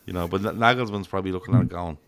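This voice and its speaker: A man's voice: sits low, very fast, vocal fry, clean tone. An Irish man hosting a casual football chat podcast, rambling and swearing freely as he tells stories. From Ireland. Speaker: podcast host.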